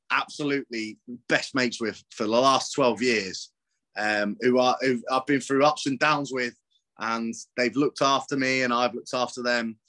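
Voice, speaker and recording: A man's voice: mid-range voice, sharp tone. A man, talking casually on a podcast, rambling, swearing and laughing often. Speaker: podcast guest.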